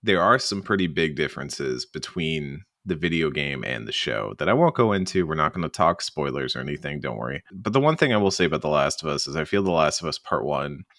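A man from the South, talking on a casual podcast. His voice sits very low, and the dry, close recording carries no room sound. He gets animated, laughs easily and circles back over his own phrases. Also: no echo. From Southern United States. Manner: animated, quick to laugh, rambling with restarts. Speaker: podcast co-host.

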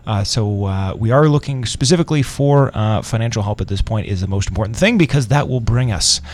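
A man's voice: on the low side, lively intonation, fairly quick, darkish tone. A man hosting a radio show, talking in a rambling, sarcastic way with many restarts. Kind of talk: casual radio talk. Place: radio studio.

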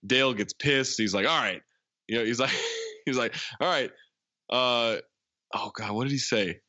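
A man's voice: medium pitch, moderate pace, bright, forceful tone, no room sound, highs cut off. A man casually retelling a film scene, laughing and quoting the characters. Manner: laughs often, acts out quotes. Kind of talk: casual chat recapping a film.

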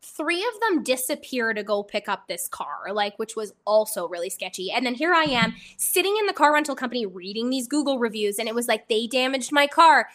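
A young woman hosts a casual podcast chat and tells her story with lots of swearing. Her voice is bright and sits a touch high. She talks in an animated, lively way. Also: fairly quick, few pauses. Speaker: podcast host.

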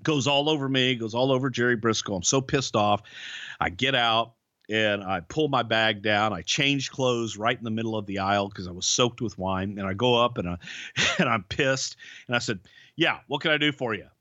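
A man's voice: mid-range voice, moderate pace, sharp tone, dry recording. A man co-hosting a podcast, telling rambling, profane stories about life on the road, full of restarts. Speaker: podcast co-host, former wrestling writer. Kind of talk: casual storytelling. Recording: dull, lo-fi podcast audio.

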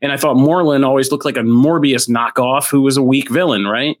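Man, comic podcast co-host, mid-pitched voice, blunt steady opinions. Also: brisk. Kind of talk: casual chat.

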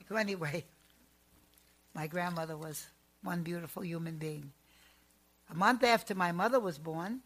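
A woman who works as a psychic, telling family stories in a chatty, animated and emphatic way. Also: lowish voice. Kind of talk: storytelling monologue.

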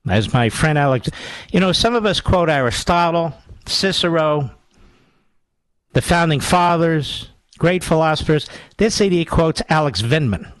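A man's voice: on the high side, measured pace, no room sound. A man hosting a talk radio show, sarcastic and mocking as he rips into clips of his opponents. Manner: sarcastic, mocking, mimics others. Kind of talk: combative political commentary.

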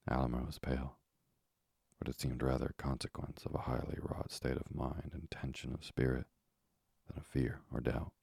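A man narrating a bedtime sleep story in a slow, soothing, breathy whispered role-play. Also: a bass voice, flat delivery, darkish tone, no echo, studio quality.

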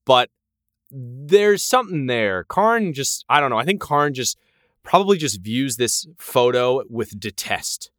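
A man's voice: mid-range voice, sing-song, a little slow, a bit bright, no echo, studio quality. A man co-hosting a podcast, recapping an episode in casual chat, swearing now and then and acting out characters' lines. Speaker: podcast co-host.

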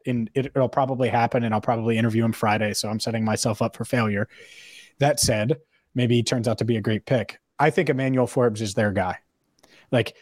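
A man hosting a sports podcast speaks in an easy, conversational way, tossing out hypotheticals and stating firm opinions. His voice sits at an ordinary middle pitch. The sound is close and dry, with no room around it. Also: no room sound. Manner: opinionated, thinks aloud with hypotheticals. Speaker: podcast co-host. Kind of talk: casual sports podcast chat.

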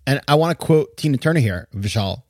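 A man's voice: mid-range voice, animated, a little fast, darkish tone, no room sound, clean studio sound. A man hosting a podcast, giving an indignant, emphatic opinion monologue with bursts of incredulous laughter. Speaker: podcast host.

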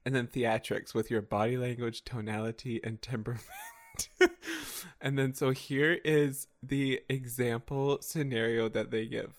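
A man's voice: mid-range voice, fairly even intonation, normal speed. A man in casual chat, laughing often and reading example phrases aloud playfully.

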